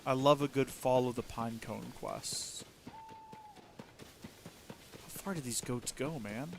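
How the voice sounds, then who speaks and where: A man's voice: medium pitch, slow pace, creaky, a little hiss or hum. A man giving casual, rambling commentary while livestreaming a video game, musing aloud and often restarting his sentences. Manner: rambling, chatty, muses aloud with frequent restarts. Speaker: let's play streamer.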